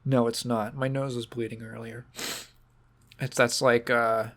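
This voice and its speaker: Podcast host, male, mid-pitched, emotional and halting, holding back tears. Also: flat delivery. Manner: halting, sentimental, restarts often; choked up, fighting back tears. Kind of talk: casual podcast monologue.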